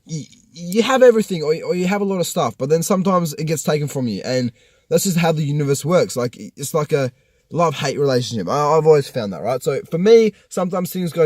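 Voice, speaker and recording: A man's voice: fairly high pitch, darkish tone, dry recording, studio quality. A young man vlogging from a parked car, telling a rambling, profane story full of restarts. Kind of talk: casual personal rant.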